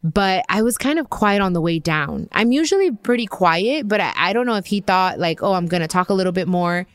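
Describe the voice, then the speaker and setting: A woman's voice: medium pitch, fairly quick, clean tone, no room sound, studio quality. A woman in her thirties hosting a podcast, telling a personal story in a casual, chatty way with lots of fillers and quoted dialogue. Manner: chatty, lots of fillers and restarts, animated quoting. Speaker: podcast host.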